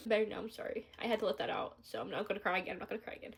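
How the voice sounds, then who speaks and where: A young woman vlogger talks to her phone camera at home while doing her makeup, pouring out a rambling, scattered personal confession. Her medium-pitched voice is creaky and husky, with fairly even intonation and a rapid-fire delivery. It's an emotional get-ready-with-me confessional.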